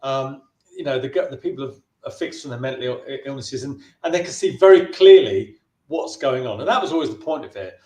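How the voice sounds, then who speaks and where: A man's voice: mid-range voice, animated, a little fast, few pauses, a little mellow, roomy sound. A filmmaker being interviewed, a man telling a long anecdote casually, often restarting his sentences and briefly mimicking the people in his story. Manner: chatty, with frequent restarts and brief put-on voices for the people in his stories.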